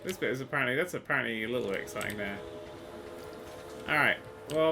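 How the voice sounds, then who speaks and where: A man giving casual let's-play commentary, excitable and sweary, swinging from quiet mutters to loud exclamations. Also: mid-range voice, quick pace, over music. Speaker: gaming YouTuber.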